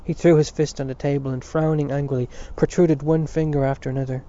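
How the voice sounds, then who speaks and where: A man reading a novel aloud as narrator, in a measured, expressive way. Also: a little high. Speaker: audiobook reader. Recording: dull lo-fi recording.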